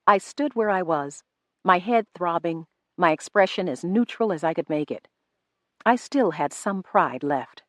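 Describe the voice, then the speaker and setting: A woman reading a novel aloud in first person, measured and restrained. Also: lowish voice, lively intonation, a bit bright, no echo. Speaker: audiobook narrator. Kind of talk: first-person audiobook narration.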